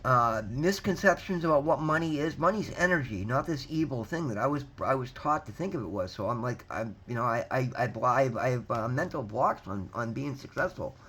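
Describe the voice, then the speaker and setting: A man's voice: medium pitch, animated, fairly quick, hardly any pauses, pushed and bright, husky. A man talking to his viewers in an earnest, heartfelt self-help monologue, repeating himself, swearing freely and calling them "guys". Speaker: motivational vlogger. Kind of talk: casual heartfelt monologue to camera.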